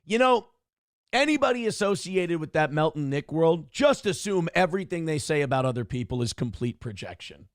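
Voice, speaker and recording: A man's voice: on the high side, very animated, moderate pace, no echo, clean studio sound. A man hosting a stream, ranting in a snarky, smug, mocking way. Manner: mocking, taunting asides. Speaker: streamer host. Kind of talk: casual ranting commentary.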